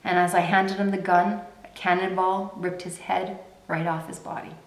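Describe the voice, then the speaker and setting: A woman's voice: fairly low pitch, little pitch movement, normal speed, natural voice. A woman voicing a grim, weary young male soldier telling a somber war story in a roomy space. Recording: roomy echo.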